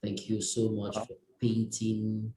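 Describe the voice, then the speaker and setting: Slow, mellow-voiced Cameroonian host. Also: male voice, fairly low pitch, monotone, roomy sound, rough recording. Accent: Cameroonian English. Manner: slow and measured, with thoughtful pauses and fillers. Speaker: event host. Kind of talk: hosting an online poetry event.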